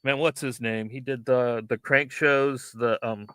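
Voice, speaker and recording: A man's voice: mid-range voice, steady tone, measured pace, a bit bright, clear, resonant tone, no room sound. Laid-back man in a dry room. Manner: laid-back, searching for names, trailing off. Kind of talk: casual livestream chat.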